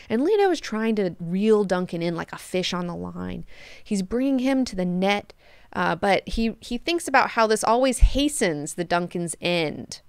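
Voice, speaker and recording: Smooth-voiced woman hosting a casual book club. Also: mid-range voice, moderate pace, no room sound. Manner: profane, animated, paraphrases characters in slang.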